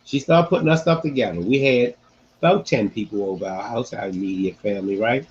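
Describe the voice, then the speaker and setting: A man hosting a casual sports-talk podcast, animated and repeating phrases for emphasis. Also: lowish voice, fairly quick, highs cut off, a little hiss or hum. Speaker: podcast host.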